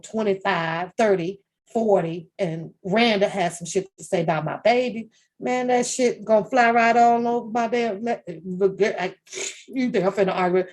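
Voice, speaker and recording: Reacting casually to a reality show, this channel host rambles, curses freely, laughs frequently and keeps restarting her sentences. Her voice is mid-range and a little mellow.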